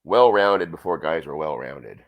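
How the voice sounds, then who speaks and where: A man co-hosting a podcast with a very deep voice and a lively, swinging delivery. He speaks in a laid-back way and draws out some of his remarks. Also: unhurried, dull audio. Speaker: podcast co-host. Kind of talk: casual chat.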